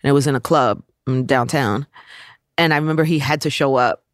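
A man's voice: mid-range voice, a little fast, no room sound, studio quality. A man recalling a memory, searching for words and trailing off. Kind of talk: reminiscing.

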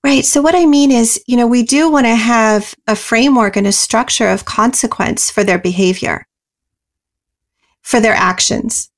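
A woman guest in an interview, explaining parenting ideas earnestly and often pausing with "you know" and "um". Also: a little high. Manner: earnest and explanatory, many you-knows and ums. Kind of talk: interview answers.

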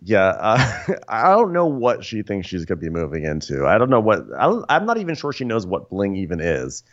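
A man's voice: on the low side, wildly swooping pitch, fairly quick, lo-fi sound. A man co-hosting a comedy podcast, mocking people on a show in a rambling, casual way. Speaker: podcast co-host.

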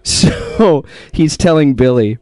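Male co-host, lively pitch, animated storyteller, laughs a lot. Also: slow pace. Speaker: podcast co-host. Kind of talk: casual storytelling chat.

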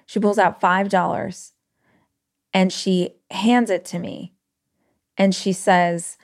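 A woman podcast host telling a personal story in an emotional, animated way with quick bursts. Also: mid-range voice.

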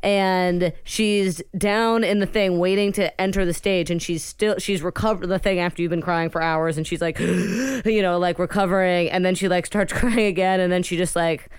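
Woman co-host, lower register, very smooth and clear voice; chatty, rambling gossip storyteller. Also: fairly even intonation, moderate pace, few pauses, no room sound. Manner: rambling, filler-heavy storytelling. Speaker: podcast co-host. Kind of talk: casual gossip chat.

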